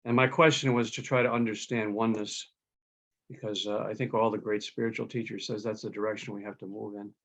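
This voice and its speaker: A man's voice: lowish voice, flat delivery, brisk, fairly bright tone. A man taking part in an online workshop over a video call, speaking hesitantly and correcting himself as he shares. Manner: hesitant, self-correcting, chuckles. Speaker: workshop participant. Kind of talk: casual group sharing. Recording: dull lo-fi video call audio.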